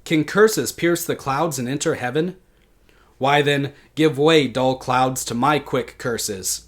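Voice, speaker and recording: A bitter, deposed old queen lays curse after curse on her enemies, voiced by a man reading her verse aloud. The delivery is slow and deliberate, set in a mid-range voice. It comes as a dramatic reading within a lecture. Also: medium pitch. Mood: cursing.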